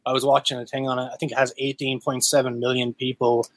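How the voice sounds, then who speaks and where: A man's voice: medium pitch, monotone, quick pace, no echo. A young Irish man, a guest musician, chatting casually, rambling, laughing often and swearing freely. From Ireland. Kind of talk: casual chat.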